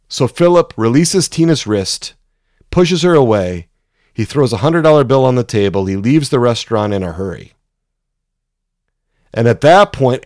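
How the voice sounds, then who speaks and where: A man's voice: mid-range voice, no room sound, clean studio sound. A man teaching psychotherapy, telling a case story and often checking in with "right?".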